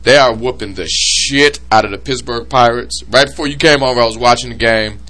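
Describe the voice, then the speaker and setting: A man hosting a casual podcast chat, excitable and prone to loud laughing outbursts. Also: mid-range voice, a little fast. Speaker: podcast host.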